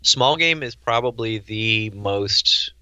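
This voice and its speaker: A man's voice: on the low side, slow pace, bright, forceful tone, smooth, dry recording. Dry, wry middle-aged man, dull sound. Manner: dry, wry storyteller who acts out voices. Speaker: guest chef and hunter. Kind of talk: casual interview chat.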